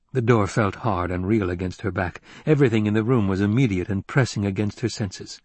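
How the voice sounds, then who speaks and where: A man narrating a novel as an audiobook in an even, unhurried storytelling manner. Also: on the low side, slightly rough, dry recording. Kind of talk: scripted narration.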